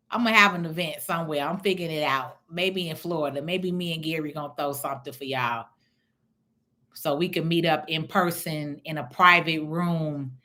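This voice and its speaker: A middle-aged woman from Chicago talks straight to her viewers on a casual livestream, blunt and salty, with lively swings between hushed asides and loud bursts. Her voice is low-set but bright and forceful. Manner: blunt, profane, animated talk. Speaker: real estate investor hosting a livestream. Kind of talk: casual livestream chat, reading viewer comments.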